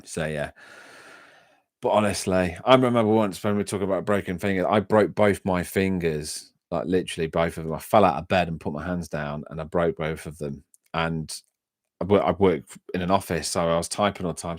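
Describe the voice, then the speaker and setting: A man's voice: low-pitched, brisk, no echo, clean studio sound. A man hosting a live stream, telling rambling anecdotes in a casual, chatty way and often restarting his sentences. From England. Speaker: livestream host reading chat.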